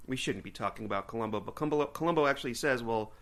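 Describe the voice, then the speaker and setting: A man co-hosting a podcast in casual chat, rambling and animated, often slipping into silly put-on voices. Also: medium pitch, rapid-fire. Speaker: podcast co-host.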